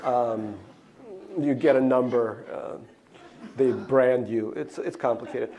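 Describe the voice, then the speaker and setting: At a slow pace and medium pitch, a middle-aged Russian writer reads his memoir to a lecture hall. He stays wry and deadpan, with little asides along the way.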